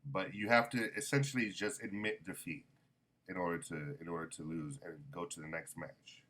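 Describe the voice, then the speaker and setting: A man's voice: low voice, normal speed, a bit bright, a little hiss or hum. A man casually reviewing a manga volume, rambling with many ums and self-corrections.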